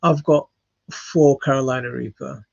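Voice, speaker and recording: A man, hosting a casual gardening question session, reading out viewer comments and answering in a halting way with plenty of fillers. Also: medium pitch, fairly even intonation, creaky, a little mellow, no echo. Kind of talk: casual live Q&A chat. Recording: dull lo-fi, dry.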